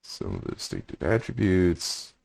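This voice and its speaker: A man's voice: low-pitched, wildly swooping pitch, normal speed, vocal fry, darkish tone. A man walking through a screen demo, reading generated text aloud and muttering his thoughts between passages. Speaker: prompt engineering instructor.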